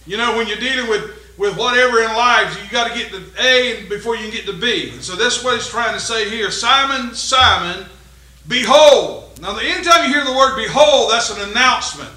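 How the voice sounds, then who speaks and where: A male pastor with a high, piercing, very bright voice, preaching. He rises to loud emphatic peaks and drops to hushed low asides. The sound carries in a roomy, echoey church hall. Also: fast talker, hardly any pauses. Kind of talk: sermon.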